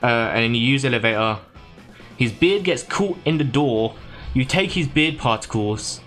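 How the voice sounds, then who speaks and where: A man livestreaming, casually recapping a video game plot in a hurried, rambling way. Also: medium pitch, lively intonation, a bit bright, faint music behind.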